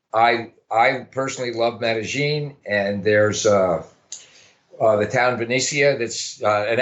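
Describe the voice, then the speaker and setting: A man's voice: medium pitch, highs cut off. A man talking casually in an interview about property, rambling and thinking aloud with many restarts. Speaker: guest, realtor.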